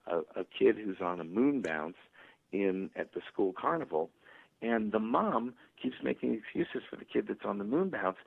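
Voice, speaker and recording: A male author telling stories and acting out parents' voices in a radio interview, with a husky, gravelly voice. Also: on the low side. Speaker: author guest. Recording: tinny phone line.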